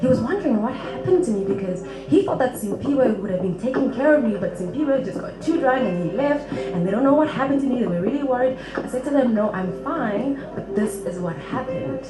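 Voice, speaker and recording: A woman telling a funny personal story live on stage, expressive and quick to laugh. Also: on the high side, roomy sound, over music, poor audio. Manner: humorous, expressive, laughs often.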